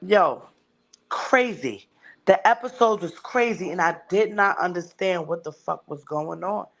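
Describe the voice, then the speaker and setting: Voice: medium pitch, lively intonation, measured pace, gravelly, fairly bright tone, low-quality recording. A speaker telling a long story in casual, profane, slangy chat on a podcast.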